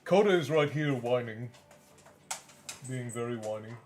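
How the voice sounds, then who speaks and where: A man's voice: mid-range voice, expressive, measured pace, a little mellow, soft background music. A young man streaming, reading a novel aloud and chatting casually, teasing his pets. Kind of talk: audiobook-style narration and casual stream chat.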